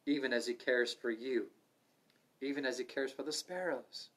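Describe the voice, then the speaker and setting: Man, middle-aged, Bible study teacher, earnest, medium pitch, urging then hushed. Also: steady tone, moderate pace. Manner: earnest, swings from loud urging to soft asides. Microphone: livestream microphone.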